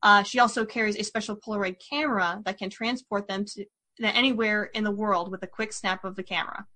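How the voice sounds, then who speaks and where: A woman's voice: medium pitch, steady tone, fairly quick, sharp tone. A woman hosting a podcast in casual chat, rambling with lots of fillers and restarts. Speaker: podcast host.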